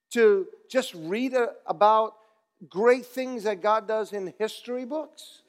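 A man preaching a sermon, reading scripture and praying, then urging his listeners on with rising fervor. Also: high-pitched. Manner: builds from slow prayerful reading to rising exhortation. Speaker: pastor.

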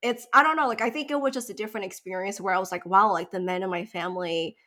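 A woman in her thirties in casual chat, telling a long story in a lively way, full of likes and you-knows. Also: mid-range voice, fast talker. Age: 30s.

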